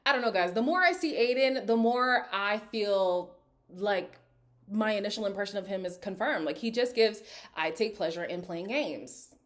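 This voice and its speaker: A woman's voice: mid-range voice, moderate pace. A woman giving casual, opinionated commentary as she recaps a reality dating show, talking straight to her viewers. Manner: opinionated, chatty, slips into quoted voices.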